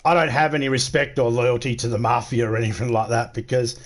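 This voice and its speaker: Speaking fast in a steady, mid-range voice, an Australian gaming livestreamer swaps crude, profane, joke-filled stories in a casual chat.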